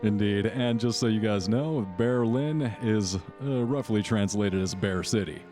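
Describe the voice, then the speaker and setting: A man narrating and running a tabletop horror game as game master, in a measured, descriptive way. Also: lowish voice, warm tone, faint music behind.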